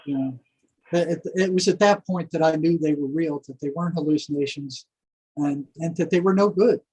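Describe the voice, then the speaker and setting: An older man telling a long story in a rambling, animated way, full of fillers and asides. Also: fairly high pitch, brisk, husky, rough recording. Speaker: guest, former prison psychology worker. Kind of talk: casual storytelling interview.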